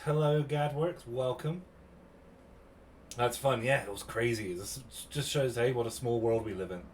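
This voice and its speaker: British male streamer in his thirties, mid-pitched, chatty storyteller, animated delivery, slight hiss underneath. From Cornwall, England. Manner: chatty, animated retelling with quoted voices. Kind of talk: casual storytelling to chat.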